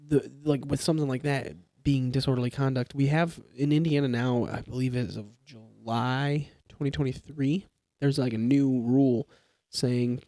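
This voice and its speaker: A young man talks casually on a podcast about police work. His voice is mellow and warm, recorded close and dry on a studio mic. He explains through examples, restarting sentences as he goes. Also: mid-range voice, no room sound. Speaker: police trainee or new officer.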